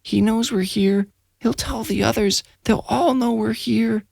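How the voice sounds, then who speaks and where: A frightened little boy pleads in a hushed, breathy whisper. His voice sits far above a grown man's and comes out slow and trembling, with a close, dry sound. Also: high-pitched, steady tone, no room sound, voice pushed up, heavily acted. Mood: fearful. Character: terrified young boy sleep-talking.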